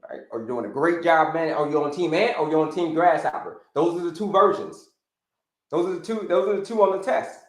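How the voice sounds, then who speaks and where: High-voiced male health coach running a live stream, lively and repetitive, in a roomy, echoing space. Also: a little fast. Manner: animated, repeats phrases, addresses viewers as folks.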